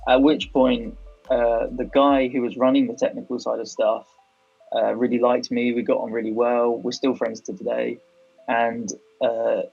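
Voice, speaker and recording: A young British man chatting as a podcast guest, his voice gravelly and a little husky. He tells his story haltingly, full of "like" and restarts. The sound is dull and lo-fi, with faint music under it. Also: medium pitch, level tone, darkish tone. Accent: British English. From England. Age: young adult. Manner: hesitant, filler-heavy storytelling. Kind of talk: casual chat.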